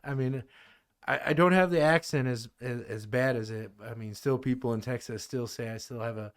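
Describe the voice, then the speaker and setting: A man's voice: medium pitch, normal speed. A man in his thirties from the Midwest with a Midwestern accent, chatting casually as a podcast guest and rambling with lots of fillers and restarts. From American Midwest. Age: 30s. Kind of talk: casual conversation.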